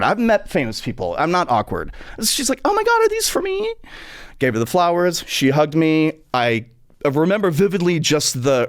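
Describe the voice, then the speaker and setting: A middle-aged man, a podcast host telling a comic story, animated, profane, and jumping into quoted voices. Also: mid-range voice, slight background noise.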